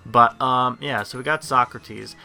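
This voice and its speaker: A man talks through his mobile game session as the channel's host, his voice very bright and cutting. He rambles casually, circling back and restarting his thoughts. His pitch sits in an ordinary middle range. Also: steady tone, unhurried, vocal fry. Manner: rambling, lots of fillers and restarts. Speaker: gameplay host. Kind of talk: casual gameplay commentary.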